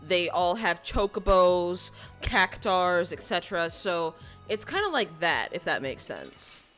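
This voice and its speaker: A woman's voice: fairly low pitch, big pitch swings, a little slow, fairly bright tone, soft background music. A woman streamer giving casual let's-play commentary, rambling and joking with laughing asides.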